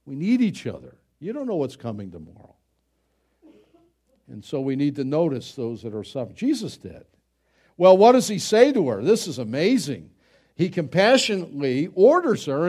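A middle-aged man preaching a sermon in a lively, swooping voice that sits a little high. He keeps it conversational, throwing questions at the congregation and leaning into dramatic pauses. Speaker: pastor.

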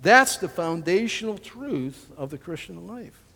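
A man preaching a sermon in an emphatic, animated way with frequent restarts. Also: high voice, unhurried. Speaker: pastor. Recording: long hall reverb.

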